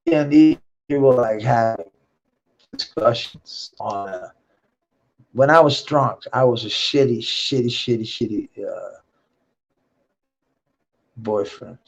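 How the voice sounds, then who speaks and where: A male vlogger rambles through a profane personal monologue, swearing often and laughing between thoughts. His voice is medium-pitched, slow and full of frequent pauses, captured on a dull lo-fi recording.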